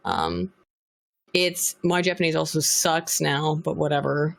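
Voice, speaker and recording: A woman's voice: low voice, very animated, a little slow, gravelly. A woman chatting as a guest on a podcast, talking bluntly and swearing freely as she rambles on. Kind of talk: casual podcast chat.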